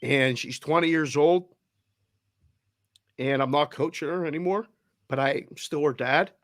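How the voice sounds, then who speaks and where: Boston dude, middle-aged, telling a story all animated, does the voices, dry mic. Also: male voice, a little high, a little slow, dry recording. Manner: emotional, animated retelling with quoted voices. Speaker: sports betting show host. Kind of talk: casual storytelling.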